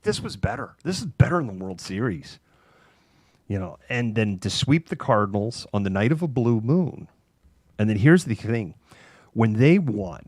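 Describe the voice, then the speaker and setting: A middle-aged man hosting a casual talk show, telling a long anecdote in an animated way, laughing between phrases and using many fillers. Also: mid-range voice, husky, dry recording, clean studio sound. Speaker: host. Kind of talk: casual chat, anecdotal storytelling.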